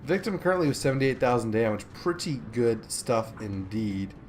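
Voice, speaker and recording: A man's voice: medium pitch, very animated, moderate pace, a little hiss or hum. A man casually commentating a warship game replay, joking and chatty with many fillers, sleepy from recording in the morning. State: sleepy, yawning. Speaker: gameplay commentator.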